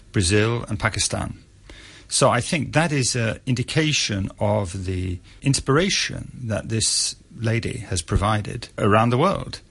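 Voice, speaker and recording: A man giving measured radio interview answers, pausing often with fillers. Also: lowish voice, creaky, a bit bright, husky. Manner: measured, with many pauses and uh fillers. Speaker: author interviewed about a historical figure.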